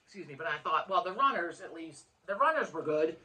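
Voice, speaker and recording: A woman's voice: fairly low pitch, animated, brisk, bright, forceful tone. A woman co-hosting a podcast, telling a long story in casual chat, frank and swearing freely with many restarts. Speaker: podcast co-host.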